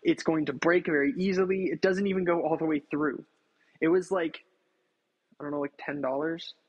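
A man's voice: on the high side, steady tone, normal speed, muffled recording. A man chatting casually to his livestream chat while cooking in his home kitchen, swearing freely and poking fun at himself. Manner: chatty, swearing, self-mocking, talks to chat. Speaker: streamer.

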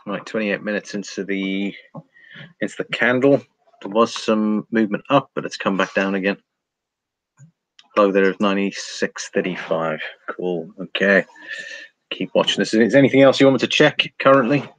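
A man hosting a relaxed live stream, reading out viewer comments and talking over charts. His voice sits fairly low, and he laughs easily between remarks. The sound is dry and close, with no room around it. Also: normal speed, no room sound. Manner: chatty, reads viewer comments aloud, laughs often, trails off.

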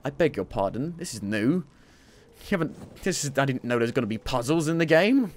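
A man's voice: medium pitch, expressive, brisk. A man giving casual, jokey commentary while streaming his playthrough, talking to himself as he plays. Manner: chatty, jokey, talks to himself while playing.

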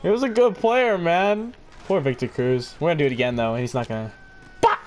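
A young man giving excited play-by-play while gaming, jumping between loud shouts and laughter and low muttering. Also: a little fast, slight background noise. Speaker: gaming video host. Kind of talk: excited gameplay commentary. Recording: game music underneath.

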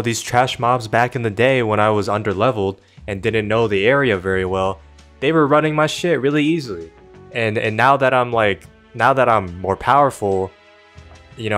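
Lower-voiced guy cussing and ranting over gameplay, sarcastic comedic commentary. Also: fairly bright tone. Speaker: gaming video narrator.

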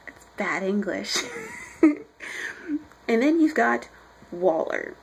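A woman's voice: medium pitch, sing-song, takes it slowly, vocal fry, long pauses, slight background noise, poor audio. A young woman reviewing a comic book in casual chat, rambling and chatty as she retells scenes.

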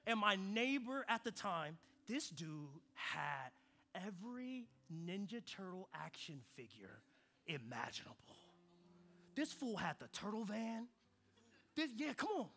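A young adult man preaching a sermon, telling a childhood story and swinging between quiet reflective stretches and loud excited ones. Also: high voice, a little slow. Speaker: pastor.

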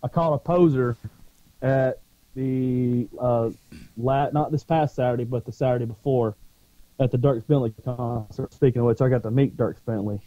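A man with a dark, mellow voice spins loud, profane stories from his service days in casual chat. The sound is dull and lo-fi, and the room is dry and close. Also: medium pitch, moderate pace, dry recording. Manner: profane, animated storytelling, acts out shouting. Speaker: podcast co-host, former Marine.

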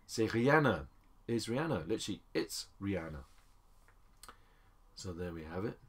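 A man teaching French phrases in a chatty lesson, calling the class ladies and gents and slowing down for each French phrase. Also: low-pitched, husky. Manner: slows down to spell out French phrases. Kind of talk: screen-recorded language lesson.

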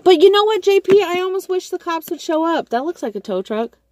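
Excitable swearing woman live-streaming from a car. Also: very high-pitched, brisk. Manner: excitable, jokey, swears, laughs often. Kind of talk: casual live-stream chat. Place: inside a parked car at night, in the rain. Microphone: phone held in hand.

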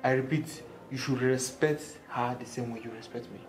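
A man's voice: mid-range voice, steady tone, normal speed, natural voice. A man playing a firm husband laying down house rules. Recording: echoey room.

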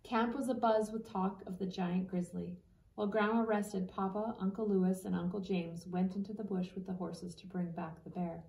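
A woman reading a children's book aloud at a steady storybook pace. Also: medium pitch, moderate pace, gravelly. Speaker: reader. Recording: echoey room, distant mic.

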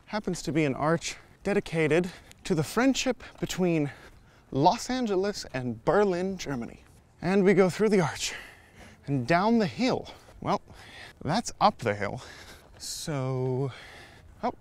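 A man hosting a casual walking vlog outdoors, talking straight to his viewers in a playful, theatrical way. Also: a little high. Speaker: app demo host. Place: outdoors on a park trail.

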